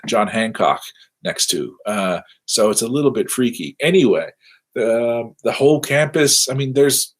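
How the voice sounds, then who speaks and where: A man's voice: medium pitch, husky. A man lecturing from his office over a webcam, rambling and self-deprecating with wry asides. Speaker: university lecturer. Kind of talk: casual livestreamed lecture wrap-up.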